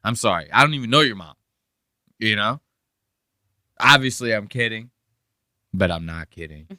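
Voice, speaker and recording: A man's voice: lowish voice, expressive, normal speed, sharp tone, dry recording, clean studio sound. A man hosting a podcast, chatting in a rambling, joking and profane way. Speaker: podcast host. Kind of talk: casual podcast commentary.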